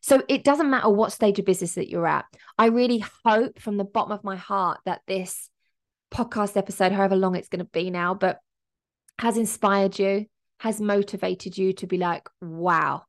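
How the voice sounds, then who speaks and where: A woman's voice: mid-range voice, moderate pace. A woman, hosting a solo podcast as a business coach and talking in an emotional, upbeat, motivational way.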